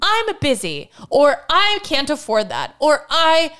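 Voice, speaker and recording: A woman in her thirties tells a story in an animated, sarcastic rant, swearing freely and mimicking people with mock quotes. Her voice is high and bright. She sounds like a podcast host in casual chat. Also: slow. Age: 30s.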